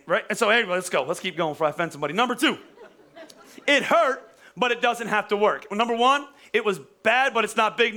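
Bright high-voiced man in his forties preaching. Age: 40s. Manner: conversational, joking, many quick restarts. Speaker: pastor. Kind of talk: sermon.

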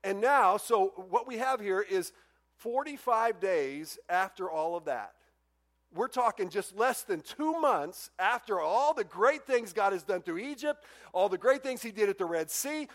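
A man preaching a sermon, acting out quoted complaints in a raised, animated voice. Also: sits high, measured pace. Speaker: pastor.

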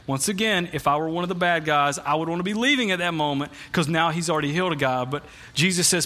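A man's voice: fairly high pitch, fast, hardly any pauses, bright, forceful tone. A man preaching a sermon in a conversational, storytelling way, often restarting his phrases as he speaks to a church congregation. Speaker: pastor.

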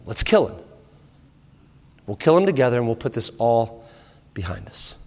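A man's voice: mid-range voice, lively intonation, normal speed, voice pushed down, lightly acted. A man voicing a jealous, volatile aging king who swings from coaxing to screaming rage, in an echoey hall. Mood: pleading.

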